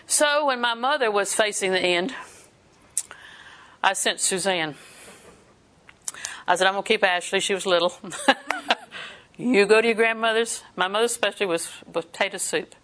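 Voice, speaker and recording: An older woman delivers a sermon in a bright, forward voice. She mixes homely family stories with scripture and laughs easily as she talks. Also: medium pitch, normal speed, pauses often. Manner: folksy storytelling, laughs often. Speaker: preacher.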